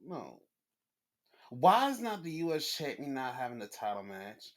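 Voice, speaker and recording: A man hosting a casual sports podcast, rambling and swearing, often jumping into excited, high-pitched rants. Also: unhurried. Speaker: podcast host. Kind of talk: casual wrestling chat.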